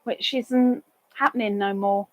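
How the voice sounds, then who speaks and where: A woman's voice: mid-range voice, fairly even intonation, unhurried, a little mellow, dry recording, poor audio. Chatty woman hosting a live stream. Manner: chatty, reads comments aloud with sing-song greetings. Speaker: live stream host reading viewer comments. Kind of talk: casual live stream chat.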